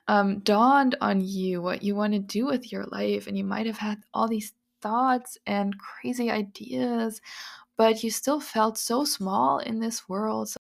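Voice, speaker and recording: A woman hosting a podcast, talking through spiritual advice in an earnest, confiding way, with many "like"s and soft breathy asides. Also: medium pitch. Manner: earnest, confiding, full of "like" and "you know". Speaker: podcast host. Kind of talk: casual spiritual monologue.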